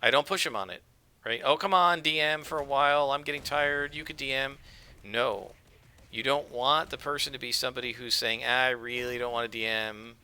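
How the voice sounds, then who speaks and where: A let's-play gamer chats casually as he plays, rambling along with frequent fillers. His medium-pitched voice is clear, resonant, bright and forceful, with fairly even intonation at a normal speed.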